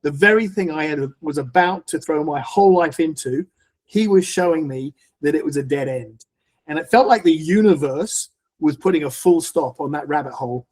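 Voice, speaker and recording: Animated man telling his story. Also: a little high, normal speed. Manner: animated storyteller, frequent restarts. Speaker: podcast guest. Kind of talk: personal storytelling in conversation. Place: podcast recording.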